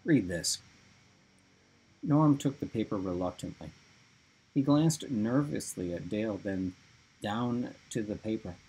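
Raspy, gravelly male storyteller. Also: fairly low pitch, a little slow, dark tone, rough recording. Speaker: reader. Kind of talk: audiobook narration.

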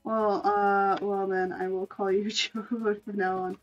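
A woman's voice: mid-range voice, flat delivery, unhurried, lo-fi sound, soft background music. A woman streamer chatting casually while she draws, rambling, correcting herself and laughing often. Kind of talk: casual chat while drawing.

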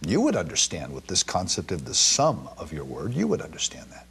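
A Bible teacher with a slightly husky, somewhat bright male voice delivers scripture to a live audience, using huge pitch swings and leaning hard on key words. He reads verses slowly and with gravity before sliding into informal asides and questions for his listeners.

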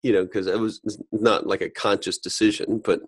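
A Canadian-born man hosting a podcast, asking questions in a relaxed, joking way with frequent restarts. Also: fairly low pitch, brisk, slightly rough. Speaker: podcast host. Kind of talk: casual podcast interview.

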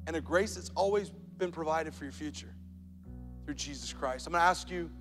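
A man preaching a sermon as pastor, telling a story and building to loud, emphatic points. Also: a little high, a little fast. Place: large church auditorium. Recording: church hall reverb with soft music.

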